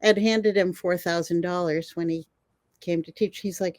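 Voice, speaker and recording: An older woman, a guest herbalist, telling animated stories in an interview and laughing often. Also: lowish voice, normal speed, no echo. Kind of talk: storytelling in an interview.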